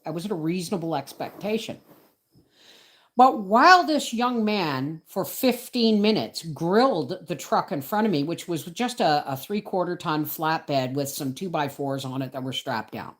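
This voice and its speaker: A woman's voice: deep voice, expressive, measured pace. A middle-aged woman telling a story as host of a homesteading channel, indignant and emphatic, often adding "right?" and "folks". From Canada. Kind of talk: storytelling livestream chat.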